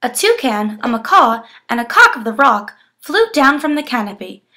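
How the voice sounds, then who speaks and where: A young woman reads a children's picture book aloud with expressive, animated storytelling. Her voice is high and bright, rising and falling widely. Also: moderate pace. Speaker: education student.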